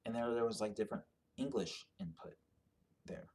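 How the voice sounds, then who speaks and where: A man's voice: mid-range voice, steady tone, moderate pace, darkish tone. A man giving a casual explanatory monologue, rambling and thinking aloud with many fillers and restarts. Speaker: commentator on genetic ancestry.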